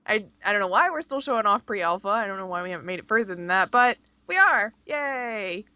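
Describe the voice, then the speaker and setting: Woman, podcast co-host, enthusiastic, teasing, bright voice, dry sound. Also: medium pitch, very animated, no room sound. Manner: enthusiastic, quick to tease. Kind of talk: casual gaming chat.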